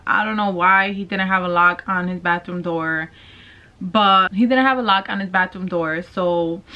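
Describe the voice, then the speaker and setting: A woman's voice: mid-range voice, bright, forceful tone. A young woman telling a personal storytime vlog, casual and candid, with plenty of slang and swearing. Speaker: vlogger. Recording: dull lo-fi sound.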